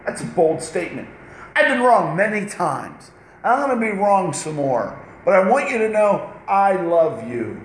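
Animated male pastor preaching in an echoey room. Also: sits high, a little hiss or hum. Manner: animated, conversational, acts out little dialogues. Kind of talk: sermon.

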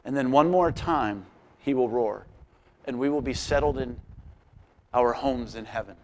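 A man preaching a sermon as pastor, impassioned and full of rhetorical questions, dropping to a quiet, earnest tone in prayer. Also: mid-range voice, unhurried, a little hiss or hum. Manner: quiet and earnest when praying.

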